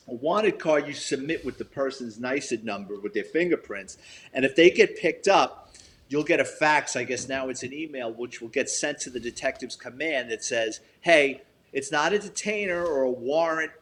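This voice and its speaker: An older man, a retired police detective, tells stories as an interview guest, blunt and profane, acting out quoted dialogue. His mid-range voice has a fairly bright tone, with a little hiss or hum.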